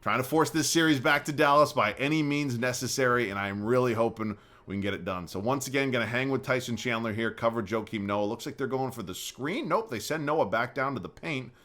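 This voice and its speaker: A young man giving casual commentary over a basketball video game, moving between calm play-by-play and profane rants. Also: mid-range voice, a little fast, few pauses. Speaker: gaming YouTuber.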